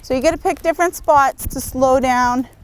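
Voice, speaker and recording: A fairly high-voiced woman gives calm, patient lessons as she works a young horse outdoors in an arena. Her instructions come steadily, mixed with soft praise, and hoofbeats sound behind her. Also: normal speed, slight background noise, poor audio. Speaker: horse trainer. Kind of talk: outdoor training demonstration.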